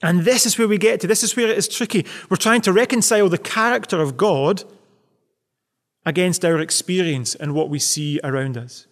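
A pastor preaches his Sunday sermon at a moderate pace, earnestly pressing the congregation with repeated questions. His voice is pitched high for a man and carries a lengthy reverberation.

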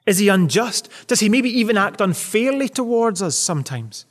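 A man delivering a Sunday sermon, his voice sitting high for a man and carrying a long reverberant tail. He preaches earnestly, pressing question after question to the congregation. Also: big pitch swings, moderate pace. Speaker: pastor.

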